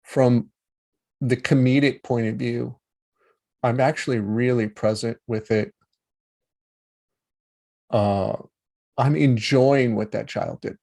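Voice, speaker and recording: A man teaching about healing in a relaxed, conversational way, acting out inner voices with changing tones and checking in with the listener. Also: medium pitch, slow, vocal fry, pauses often. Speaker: meditation teacher. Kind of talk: talk on healing.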